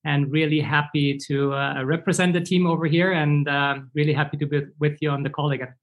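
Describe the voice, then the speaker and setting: A man's voice: on the high side, steady tone, brisk, narrow, tinny audio. A man guest on a video call, friendly and informal, with many fillers. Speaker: guest, category director.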